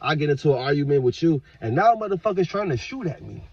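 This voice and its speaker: A man talking straight to his viewers in a casual, profane, rambling rant, with sudden loud outbursts. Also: a little high, lively intonation, fast, dry recording, muffled recording. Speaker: vlogger. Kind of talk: casual monologue to camera.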